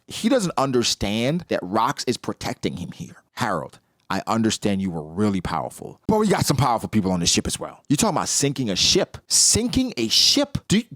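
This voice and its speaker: A man hosting a manga reaction show in casual commentary, talking in an animated, slangy way. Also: dry recording, studio quality. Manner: animated, slangy, jumps into high-pitched character impressions.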